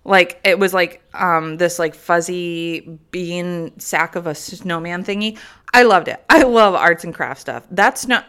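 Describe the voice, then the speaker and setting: A woman's voice: fairly low pitch, fairly bright tone, clean tone. A young woman and mother of three telling a funny story to her viewers in a chatty, casual way, laughing and swearing freely. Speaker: vlogger.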